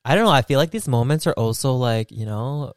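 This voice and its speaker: Playful male co-host, giggly, pitch bouncing all over, very dry close sound. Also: expressive, brisk, clear, resonant tone, no room sound. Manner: playful, giggly, shifts into silly voices. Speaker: podcast co-host. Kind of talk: casual chat.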